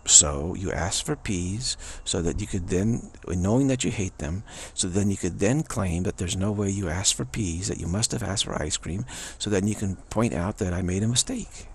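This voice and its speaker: A man's voice: sits low, normal speed, hardly any pauses, a little hiss or hum. A man giving a playful spiritual talk, telling stories and acting out the voices of the people in them. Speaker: spiritual teacher.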